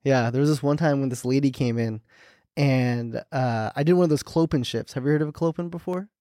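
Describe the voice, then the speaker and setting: A young man co-hosting a casual comedy podcast, telling animated stories, swearing freely and acting out the people he quotes. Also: mid-range voice, fairly quick, no room sound, clean studio sound. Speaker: podcast co-host.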